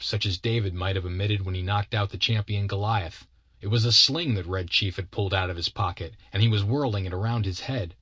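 Low-voiced man reading a story wryly. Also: a bit bright, slightly rough, no echo. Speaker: narrator.

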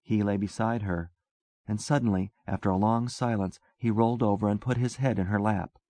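Calm male storyteller, dry sound. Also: fairly low pitch, moderate pace, dry recording. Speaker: narrator. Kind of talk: scripted narration.

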